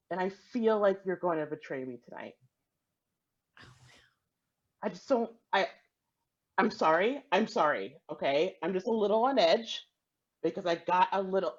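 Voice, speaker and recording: A woman's voice: medium pitch, darkish tone, dull audio. A woman playing Jesus as an anxious, suspicious man in his thirties, rambling through defensive apologies over a video call.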